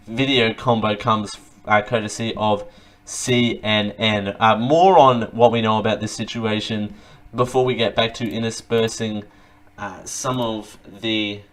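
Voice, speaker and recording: A man's voice: medium pitch, fairly bright tone. A man hosting a live show, reading news items aloud with joking asides and frequent stumbles. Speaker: host. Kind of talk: casual news commentary read aloud.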